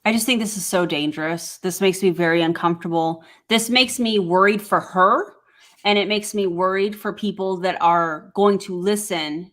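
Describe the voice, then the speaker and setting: A woman's voice: medium pitch, normal speed, a bit bright. A woman hosting a casual reaction commentary, making wry, skeptical asides and sounding concerned. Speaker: commentary host.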